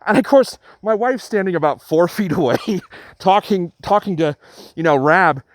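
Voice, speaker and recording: A middle-aged man hosting his own channel, earnestly retelling an encounter with many halting restarts. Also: sits high, expressive, no room sound. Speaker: channel host. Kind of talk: storytelling vlog.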